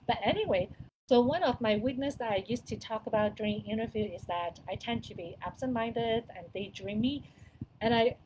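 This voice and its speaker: A middle-aged woman giving parents casual, chatty advice to camera, with small grammar slips, repeats and soft laughs. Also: a little high, background noise. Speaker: wellness coach talking to parents.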